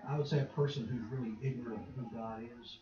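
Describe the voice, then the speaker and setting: A man in a Bible class answering questions in a thoughtful, measured way. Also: medium pitch, steady tone, a crowd in the background. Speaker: class member. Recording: distant, roomy, muffled, with a group around.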